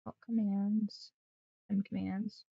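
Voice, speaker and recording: Streaming from her room at home, a young streamer and author chats casually and babbles baby talk at her pets. Her mid-range voice is slow, husky and fry-tinged with little pitch movement, in dry, slightly dull lo-fi stream audio.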